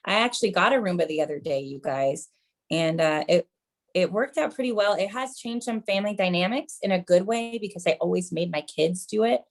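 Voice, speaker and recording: Speaking briskly in a lowish voice, a woman in her thirties does stand-up built on self-mocking mom jokes. She keeps it chatty and often addresses the audience as "you guys."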